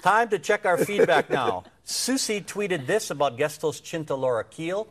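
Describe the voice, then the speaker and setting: Lively, upbeat talk show host man. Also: fairly high pitch, moderate pace, very noisy. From Hawaii. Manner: upbeat, joking, reads viewer messages.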